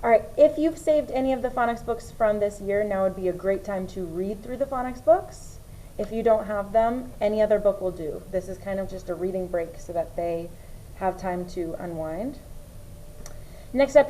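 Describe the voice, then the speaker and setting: A young woman teaching first grade, explaining summer practice steps to parents and slowly sounding out words. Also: mid-range voice, mellow, a little hiss or hum, low-quality recording. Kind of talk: instructional walkthrough for parents.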